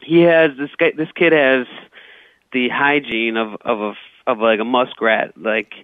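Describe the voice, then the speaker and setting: This comedian guest's casual storytelling rambles along, broken by stammers and restarted sentences. He speaks a little slowly in a steady, mid-range voice with no echo, heard through a tinny phone line.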